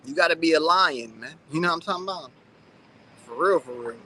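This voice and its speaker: High, bright-voiced man in his thirties. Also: lively intonation, fairly quick, slight background noise. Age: 30s. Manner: loose and chatty, full of "like" and "man". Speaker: channel host. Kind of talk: casual livestream chat reading comments.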